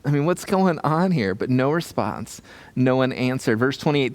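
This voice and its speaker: A man at a mid pitch preaches a sermon from the pulpit. He reads scripture aloud and retells it with lively energy. He slips into little voices for the people in the story. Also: normal speed. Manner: animated, acts out voices in retelling. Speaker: pastor.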